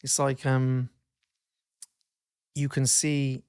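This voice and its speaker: In a casual podcast chat, a male co-host with a medium-pitched, smooth voice draws out his words. He rambles, interrupts himself, swears freely, and grows animated when telling stories.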